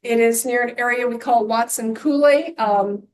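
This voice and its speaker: A woman's voice: fairly high pitch, normal speed, poor audio. A woman historian giving an informal public lecture, chatty with asides to the audience.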